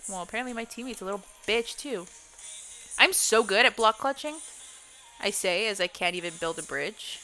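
A woman's voice: mid-range voice, moderate pace, pushed and bright, faint music behind. A young woman streaming a game and chatting casually, swearing constantly and playfully. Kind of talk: casual gameplay chat.

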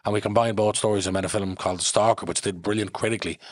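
Fast-talking Dublin man, low voice. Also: no echo. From Ireland. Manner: animated, swears freely, acts out quoted voices. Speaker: podcast guest. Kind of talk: casual storytelling.

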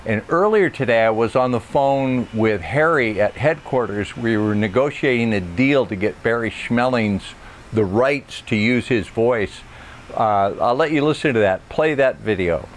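A man's voice: mid-range voice, animated, a little slow, slight background noise. Chatty male show host. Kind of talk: casual comedic talk.

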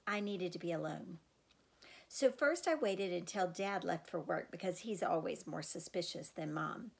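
A woman's voice: on the low side, normal speed, creaky, breathy edge. Woman narrating an audiobook expressively. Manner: expressive, girlish first-person telling. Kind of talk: first-person audiobook narration.

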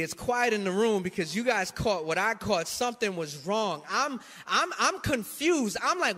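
A man's voice: sits high, expressive, normal speed, few pauses, sharp tone, big-room sound. A pastor from New York City telling a funny story in his sermon, acting out both sides of it.

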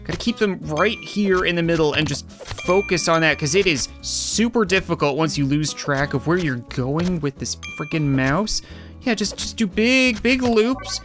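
A man's voice: on the high side, animated, moderate pace, fairly bright tone, faint music behind. A man giving casual, joking gameplay commentary, rambling and self-deprecating as he plays. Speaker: gaming YouTuber.

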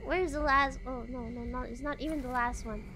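Brisk and pitched high, this woman streams a game from home as a VTuber, keeping up casual commentary. She gets jumpy and excited and lets out shrieks when startled, all against a noisy background.

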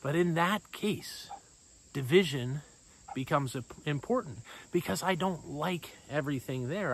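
A man giving a sermon as a pastor, in a playful, conversational storytelling manner with lively swings in voice. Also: fairly high pitch, slight background noise, low-quality recording.

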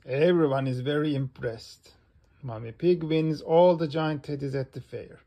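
A man reading a children's picture book aloud in an animated way. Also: on the high side, vocal fry. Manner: slow and animated. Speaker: storybook reader.

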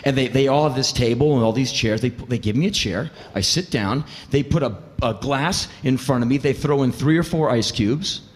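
A man performing a live storytelling monologue on stage, animated and profane, acting out the voices of the people in his stories. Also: mid-range voice, moderate pace, few pauses. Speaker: spoken word performer. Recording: echoey live hall recording.

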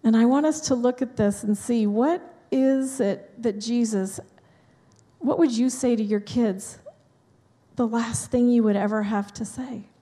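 A woman's voice: a little high, unhurried, warm tone. A woman pastor giving a sermon in a conversational, chatty way, with asides to the congregation. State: dry mouth from allergy medicine. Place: church sanctuary. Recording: long hall reverb in a church.

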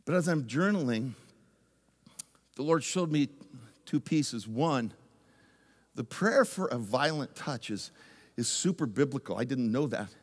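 A man who is a pastor, telling a lively story in a sermon, moving from loud excitement down to hushed intensity. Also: medium pitch, a little slow, pauses often. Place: church sanctuary. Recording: long church reverb.

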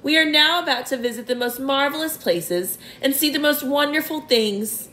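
A kind and gentle storybook ladybird, as a woman reads her out, motherly and reassuring, in a slightly high voice. The room echoes around her. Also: normal speed.

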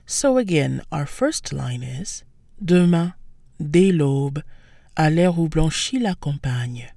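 A woman giving a scripted language lesson, explaining words slowly and carefully with French examples. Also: deep voice, lively intonation, creaky, dark tone, dry recording, clean studio sound. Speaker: French teacher.

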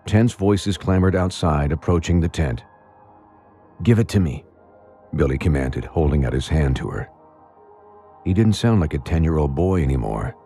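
Male narrator, very deep voice, lively pitch, dark husky tone, faint music under. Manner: dramatic, measured storytelling. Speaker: audiobook narrator. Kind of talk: scripted narration.

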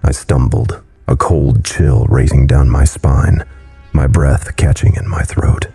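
A man reads a scary story aloud in a very low, gravelly voice. His tone is dark and mellow, husky and breathy, with faint music behind him. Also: slow pace. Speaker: horror story narrator. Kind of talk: scripted horror narration.

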